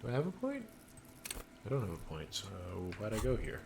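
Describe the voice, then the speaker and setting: A man's voice: mid-range voice, wildly swooping pitch, fairly quick, background noise. A man streaming a video game, making casual commentary with playful asides as he reads the dialogue aloud.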